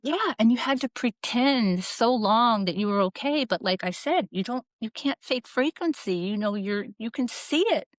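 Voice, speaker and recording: A woman's voice: fairly high pitch, lively intonation, normal speed, hardly any pauses, dry recording. A middle-aged woman shares her life story as a podcast guest, earnest and reflective. She acts out the voices of people she quotes. The recording is dry and close, with almost no room sound. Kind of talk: candid personal storytelling.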